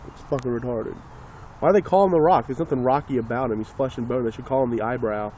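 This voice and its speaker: A man's voice: mid-range voice, quick pace, warm tone, a little hiss or hum. A man ranting casually and sarcastically into a phone, rambling and swearing as he talks. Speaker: vlogger.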